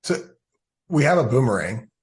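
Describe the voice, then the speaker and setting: Man, podcast co-host, middle pitch, reflective, playful asides. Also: very animated, moderate pace. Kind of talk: casual interview conversation.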